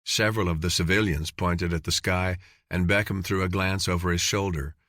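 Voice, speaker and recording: A man narrating an audiobook in an even, measured reading. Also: deep voice, dry recording, clean studio sound. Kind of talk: scripted narration.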